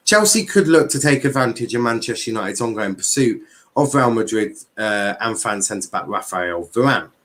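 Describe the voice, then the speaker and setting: A young man hosting a casual football livestream, bantering with chat, swearing and reading transfer news aloud. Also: lowish voice.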